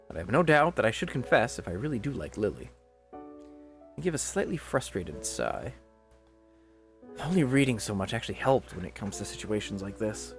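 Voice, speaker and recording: A man casually reading a visual novel aloud and joking between lines, laughing often. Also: mid-range voice.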